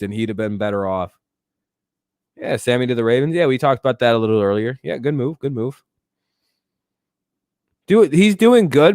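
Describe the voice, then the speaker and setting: A man's voice: mid-range voice, a little mellow, smooth, no room sound, clean studio sound. A man hosting a casual live sports talk stream. He talks back to his chat and swears freely. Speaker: streamer host.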